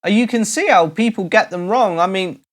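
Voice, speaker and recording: Here the same sort of speaker talks: a middle-aged DJ and vlogger from Cornwall, England, with a high-sitting voice and moderate pace. It's casual comedic vlog chat, joking with followers and sprinkled with playful asides.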